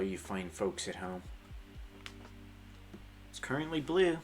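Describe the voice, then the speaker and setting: A man's voice: sits low, big pitch swings, slow, long pauses, faint music behind. A man streaming casual chat, teasing a friend, swearing and laughing. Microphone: headset earphones.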